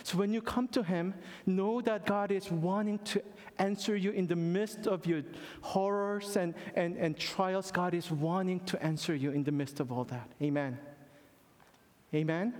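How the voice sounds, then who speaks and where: A male pastor preaching a sermon, using folksy illustrations and acted-out dialogue, often calling out "Amen?" to the congregation, dropping soft and low for prayerful lines. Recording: long hall reverb.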